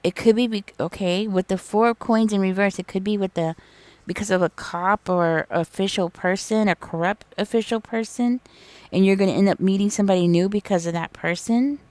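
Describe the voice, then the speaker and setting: A woman's voice: mid-range voice, fairly quick, darkish tone, dry recording. A woman giving a casual tarot reading, chatty and rambling as she thinks aloud. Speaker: tarot reader.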